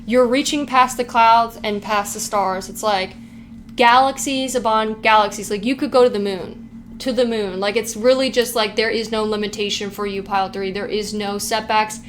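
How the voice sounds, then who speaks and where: A woman's voice: mid-range voice, fairly even intonation, moderate pace, slight background noise. A woman giving a casual pick-a-card tarot reading, hyped up and swearing freely, with "like" in almost every sentence. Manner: hyped, profane, heavy use of "like". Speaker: tarot reader.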